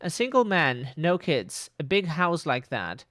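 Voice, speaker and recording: A man reading game dialogue aloud as a lazy, dismissive 1960s husband, in a flat tone. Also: a little high, unhurried, dry recording, studio quality, full character voice. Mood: musing.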